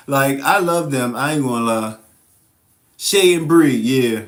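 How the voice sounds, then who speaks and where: A man's voice: mid-range voice, animated, unhurried. A man hosting a casual livestream, answering viewer comments, laughing often and teasing the commenters playfully. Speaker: livestream host.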